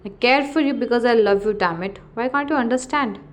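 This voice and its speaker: Woman doing caring young guy in a fanfic, earnest, pleading, kinda high. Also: fast talker, slight background noise, close to an everyday voice. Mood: frustrated. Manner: earnest, pleading, softly spoken. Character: caring young man, worried and protective. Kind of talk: storytelling fan fiction.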